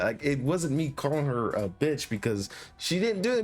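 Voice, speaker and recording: A man's voice: on the high side, very animated, moderate pace, few pauses, faint music behind. A young man telling a casual story about his life in a vlog, rambling with many restarts and fillers and some swearing.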